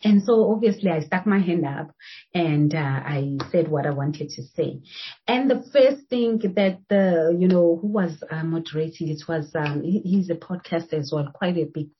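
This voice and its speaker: A woman's voice: sits low, normal speed, lo-fi sound, slight background noise. A South African woman hosting a podcast, chatting casually and laughing often. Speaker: podcast host. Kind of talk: casual chat.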